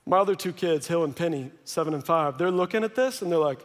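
Thirties male pastor, bright high voice, lively sermon storytelling with jokes, big echoing hall. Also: fast, few pauses. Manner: lively storytelling with joking asides. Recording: long reverb of a large hall.

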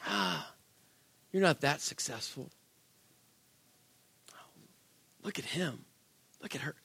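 A man doing a low, hushed, taunting devil. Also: big pitch swings, unhurried, slightly rough, no echo, full character voice. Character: sly whispering male devil, taunting and cruel.

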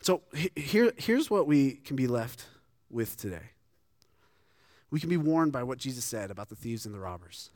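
A man's voice: medium pitch, sing-song, moderate pace, darkish tone, no room sound, clean studio sound. A man preaching a sermon in an earnest, conversational way, often restarting his sentences. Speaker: pastor.

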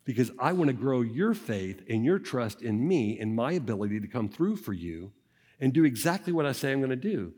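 A man speaking as God, gentle and fatherly. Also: medium pitch, very animated, brisk, breathy edge, big-room sound. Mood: tender. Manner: tender, reassuring, speaks directly to the listener.

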